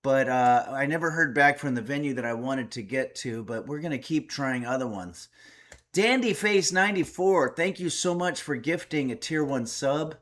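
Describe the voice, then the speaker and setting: A man's voice: mid-range voice, expressive, normal speed, fairly bright tone. Chatty man reading stream chat aloud. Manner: reads chat messages aloud, chatty and wry. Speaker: streamer and cooking host. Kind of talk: casual livestream chat. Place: home.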